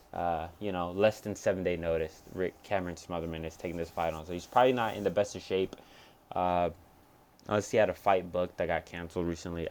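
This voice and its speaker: A young man talks through upcoming fights in a loose, unscripted breakdown. His voice sits fairly low, and he swears freely. He thinks aloud and second-guesses his picks as he goes. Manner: rambling, profane, thinks aloud and changes picks. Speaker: MMA fight picks commentator. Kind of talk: casual fight-prediction breakdown.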